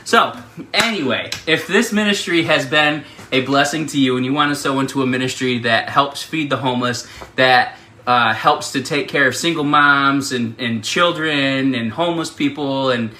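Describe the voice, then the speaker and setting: A man's voice: medium pitch, moderate pace, bright, forceful tone. A man leading a ministry, telling a funny childhood story with laughs and fillers, then making a donation appeal. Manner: chatty, laughs often, many fillers. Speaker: ministry leader.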